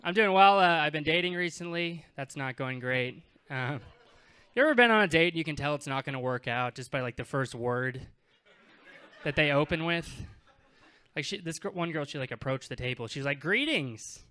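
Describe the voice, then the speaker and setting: On a comedy club stage, a twenty-something man delivers a conversational, self-deprecating set with acted-out dialogue. He speaks animatedly at a moderate pace in a highish voice with a sharp, clean tone.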